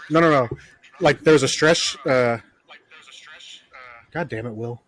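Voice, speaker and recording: A man's voice: mid-range voice, a little slow, fairly bright tone. A man host telling stories in casual podcast chat, swearing often and filling with "like" and "uh.". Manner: profane, storytelling, heavy filler words.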